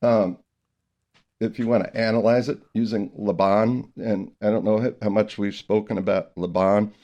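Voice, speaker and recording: A middle-aged man hosting a podcast about music teaching, chatting casually and telling animated stories with frequent laughter. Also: on the low side, moderate pace, lo-fi sound. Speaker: podcast host, early childhood music teacher.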